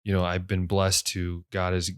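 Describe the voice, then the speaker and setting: A young man with a low radio voice hosts his own podcast, talking in a loose, casual ramble. He speaks in a very deep register, full of fillers and restarts. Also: monotone, normal speed, clear, resonant tone. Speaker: podcast host. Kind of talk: casual solo podcast talk.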